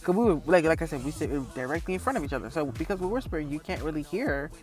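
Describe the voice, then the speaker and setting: A man's voice: a little high, lively intonation, fast, soft background music. A man telling a story in a casual, profane vlog rant and laughing often. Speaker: vlogger.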